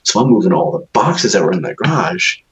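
A man's voice: on the low side, big pitch swings, a little fast, highs cut off. A young man casually telling a long, profane, rambling story about moving into his new house. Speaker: new homeowner. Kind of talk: casual chat.

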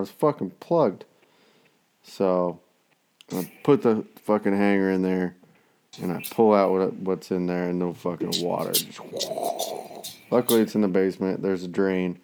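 A man's voice: low-pitched, normal speed, pauses often, a little mellow, a little hiss or hum. A man in casual chat, rambling through everyday stories and swearing constantly.

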